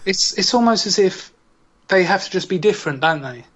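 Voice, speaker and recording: A man's voice: high voice, lively intonation, fairly quick, fairly bright tone, slightly rough, highs cut off. A British man hosting a casual podcast, joking and teasing his co-hosts. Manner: jokey, teasing banter. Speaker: podcast host. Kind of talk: casual chat.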